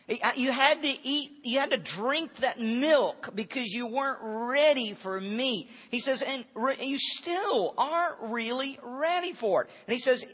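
A man's voice: extremely high pitch, a bit bright, husky. Man preaching in an echoing hall. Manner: conversational, rising to emphatic on key lines. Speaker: pastor. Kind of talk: sermon, Bible teaching. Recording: dull audio with long reverb in a large hall.

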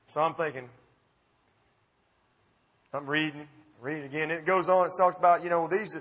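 Southern storyteller, Alabama accent, high husky voice, dull hall sound, folksy and animated. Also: male voice, normal speed. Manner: folksy, animated, self-mocking. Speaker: speaker. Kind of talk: storytelling talk to an audience. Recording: dull recording with long hall reverb.

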